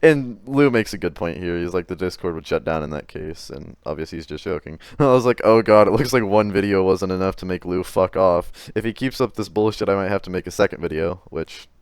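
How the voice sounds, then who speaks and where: A man's voice: sits low, fairly quick, few pauses, clean tone, no echo, clean studio sound. A man doing commentary on chat messages, exasperated and profane, often stammering and restarting his sentences. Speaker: commentary YouTuber.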